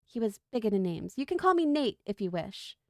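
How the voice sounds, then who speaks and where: A woman reading a story aloud, voicing a calm, wry male desert snake who speaks in a matter-of-fact, joking way. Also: medium pitch, a little fast, no room sound, clean studio sound. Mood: friendly.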